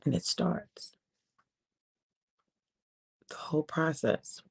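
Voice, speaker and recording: A woman preacher telling a sermon story in a conversational way, with drawn-out phrasing and quiet emphasis. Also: low-pitched, vocal fry, husky.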